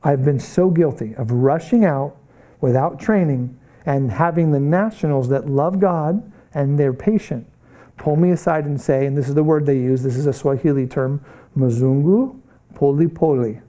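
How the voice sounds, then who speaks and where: A middle-aged man lecturing a Bible college class on missions, earnest and animated, often stopping to ask the room questions. His voice sits a little high but is deeply mellow and warm. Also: normal speed.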